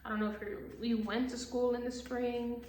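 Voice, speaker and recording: A woman's voice: fairly high pitch, little pitch movement, normal speed, a little mellow, distant mic. A woman giving a casual tarot reading in a blunt, profane, exasperated way, laughing often. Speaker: tarot reader. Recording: echoey room with faint hiss.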